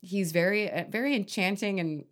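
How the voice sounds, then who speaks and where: A woman co-hosting a casual film discussion podcast, relaxed and trailing off with fillers. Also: medium pitch, moderate pace.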